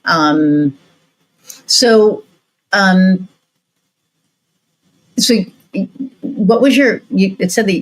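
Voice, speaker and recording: A woman hosting a podcast, telling a story in a casual, animated way and swearing freely. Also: mid-range voice, extremely slow, pauses often, poor audio. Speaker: podcast host.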